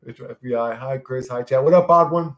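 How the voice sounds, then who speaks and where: A man casually chatting on a livestream, reading chat aloud, laughing often and swearing freely as he jumps from topic to topic. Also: medium pitch. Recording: roomy echo.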